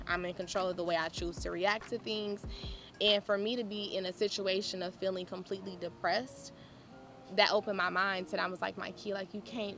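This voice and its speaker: A woman giving a candid, animated personal testimony, often laughing as she talks. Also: mid-range voice.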